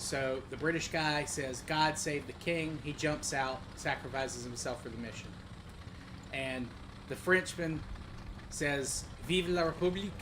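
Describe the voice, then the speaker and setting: A man's voice: medium pitch, background noise. A man streaming a tank game, chatting casually and telling a long rambling story with fillers. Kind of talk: casual chat while gaming.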